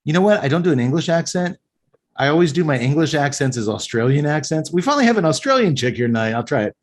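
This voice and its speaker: A man's voice: on the high side, expressive, fast talker. A man hosting a podcast, enthusiastically recapping a film scene by scene and giving his opinions. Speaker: podcast host. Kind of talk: casual film recap and review chat.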